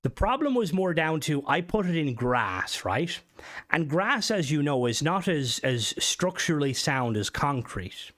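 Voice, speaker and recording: A man's voice: on the high side, sing-song, unhurried, a bit bright. A young man hosting a casual live stream, rambling through stories and swearing often into a desk mic. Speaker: livestream host.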